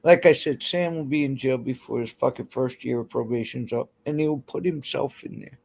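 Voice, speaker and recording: Gravelly, profane woman ranting on a stream. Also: rumbling low, normal speed, a little mellow. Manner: profane, blunt, heated. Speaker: livestream host. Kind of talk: angry livestream rant to chat.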